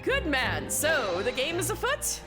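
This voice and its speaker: A woman's voice: high-pitched, huge pitch swings, measured pace, full character voice. A woman voicing a pompous, eccentric male detective in a game, with theatrical, flowery phrasing, over game music. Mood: grandiose. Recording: game music playing behind.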